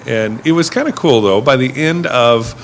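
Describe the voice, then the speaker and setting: A man's voice: medium pitch, animated, moderate pace, a little hiss or hum. Easygoing male storyteller. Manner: easygoing storyteller, mimics passengers. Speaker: rideshare driver telling stories. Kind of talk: casual storytelling on a podcast.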